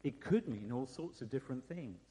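A man preaching a sermon in a relaxed, conversational way, with fillers and asides to the congregation. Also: mid-range voice, a little fast. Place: church hall. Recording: long hall reverb.

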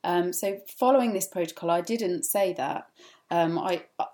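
A woman's voice: fairly low pitch, normal speed, mellow. A woman giving an informal church teaching talk. She speaks earnestly and conversationally, with many filler "ums".

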